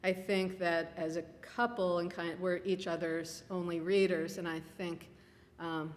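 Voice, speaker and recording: A woman from Minnesota, an author telling family stories in a wry, unhurried way at a public talk. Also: lowish voice, level tone. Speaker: author guest. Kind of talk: conversational storytelling. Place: public library event room. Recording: reverberant hall.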